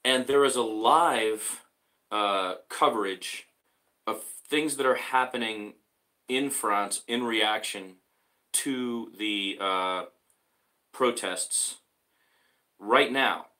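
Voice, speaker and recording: The audio is poor, and the man's voice is lowish with a sharp tone. Hosting his own small show, he reads a newspaper article aloud and breaks off to comment, halting often with hesitant fillers and restarts.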